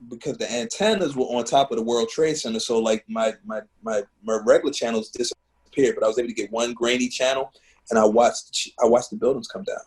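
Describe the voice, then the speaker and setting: With a medium-pitched, slightly mellow voice, a Baltimore-born musician and teacher reflects on his life in a conversational interview at home in his living room. His stories are earnest and heartfelt, dotted with "man" and "you know," and the recording is rough.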